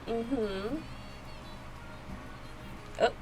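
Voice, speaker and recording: A woman giving casual reaction commentary, reading subtitles aloud and excitedly repeating herself. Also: fairly high pitch, measured pace, music in the background. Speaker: video reactor.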